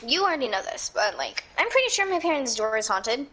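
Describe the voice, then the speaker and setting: A teenage girl co-hosts a casual chat, blunt and full of slang. Her voice is high and husky. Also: big pitch swings, quick pace, bright, forceful tone.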